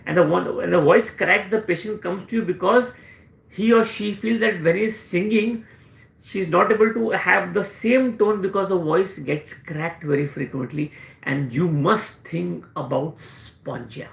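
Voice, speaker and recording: A man's voice: high-pitched, a little slow, gravelly, fairly bright tone, echoey room. A man with an Indian English accent, a homeopathic doctor answering questions and teaching in a live session, explaining with repeated emphasis.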